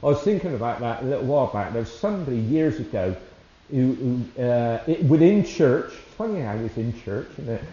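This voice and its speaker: A man giving an informal devotional talk, rambling and warm-hearted, often chuckling between thoughts. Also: mid-range voice, big pitch swings, brisk. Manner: rambling, warm-hearted, with frequent fillers and restarts; chuckles often while speaking. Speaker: lay preacher. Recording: dull, roomy sound.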